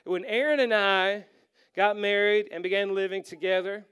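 A middle-aged man preaching a sermon as a pastor, animated and self-deprecating, acting out quoted lines as he tells stories. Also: high-pitched, moderate pace, clean tone.

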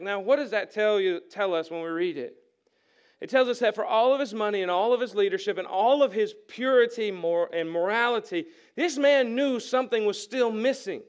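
A man's voice: sits high, normal speed, clean tone. A pastor preaching a conversational sermon to his congregation, acting out the people in the story with humor. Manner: conversational, acts out voices with humor. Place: church sanctuary.

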